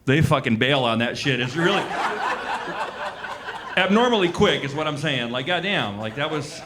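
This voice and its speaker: A man's voice: a little high, animated, moderate pace, crowd noise. A man in his forties doing a loose, conversational stand-up set on a club stage, with lots of likes and asides. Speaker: stand-up comedian. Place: comedy club stage with live audience.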